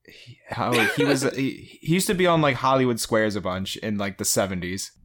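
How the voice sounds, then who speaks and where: A man's voice: medium pitch, sing-song, fairly quick, fairly bright tone. Dry offhand man in chat. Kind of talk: casual chat.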